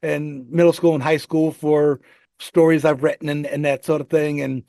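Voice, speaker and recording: A man's voice: on the high side, flat delivery, moderate pace, creaky, warm tone, dry recording. A man chatting casually on a podcast, teasing and laughing along. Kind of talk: casual chat.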